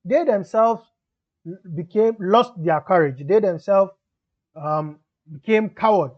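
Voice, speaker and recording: A man with a high voice teaches grammar in a patient lesson. He walks through each example step by step and mixes English explanation with Arabic grammar terms. The recording sounds a little dull and lo-fi. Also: slow.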